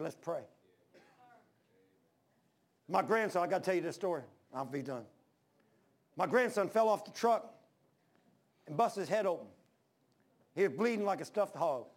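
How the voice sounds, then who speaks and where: A man's voice: high-pitched, a little fast. An older man, preaching a sermon and telling stories, acting out the voices in them. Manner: animated, acts out the voices in his stories. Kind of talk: storytelling sermon.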